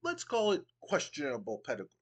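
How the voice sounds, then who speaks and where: A man's voice: a little high, wildly swooping pitch, brisk, husky, exaggerated voice. A man voicing a smug, pompous male wrestling commissioner who talks down to the crowd in a haughty, lofty manner. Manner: haughty, lofty, condescending speech.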